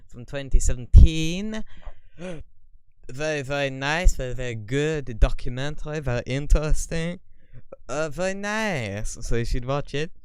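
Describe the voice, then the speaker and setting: A man chatting on a live stream, reading viewer questions aloud and answering them in a rambling, wry, deadpan way. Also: medium pitch, smooth, no echo. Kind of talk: casual live stream chat.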